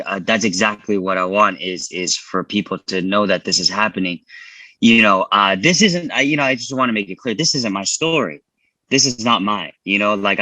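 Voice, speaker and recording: Man, filmmaker guest, from California, earnest casual interview answers, lots of restarts, tense bright tone. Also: on the low side, no echo, low-quality recording. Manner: earnest, repeats words, many "you know" fillers.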